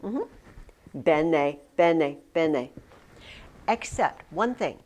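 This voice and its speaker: A woman teacher leads a Latin lesson for a classroom of students. She talks at an unhurried pace and restarts her sentences often. Her voice moves up and down a lot as she explains each point. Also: deep voice, expressive, a little mellow. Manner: patient, drawn-out explanations with frequent restarts.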